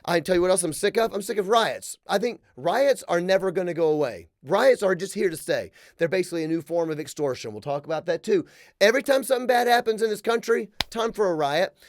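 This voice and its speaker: A male podcast host delivering a comedic political rant, sarcastic and emphatic, swinging between loud punchlines and low asides. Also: no room sound, clean studio sound.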